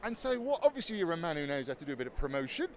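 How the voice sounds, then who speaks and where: Man, radio show host, animated swinging pitch, friendly encouraging interviewer, roving trade fair interview. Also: rapid-fire, a little hiss or hum. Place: busy trade fair hall.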